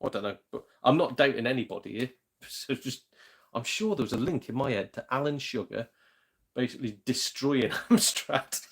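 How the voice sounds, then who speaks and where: A man's voice: mid-range voice, normal speed, slightly rough. A man with a British accent chatting casually on a live stream from home, rambling, mildly swearing and reacting to viewer comments. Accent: British English. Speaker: gaming channel host.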